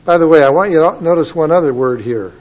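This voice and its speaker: A man preaching a sermon, dropping to soft asides and rising to loud, drawn-out emphatic lines. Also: on the high side. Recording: dull lo-fi sermon recording.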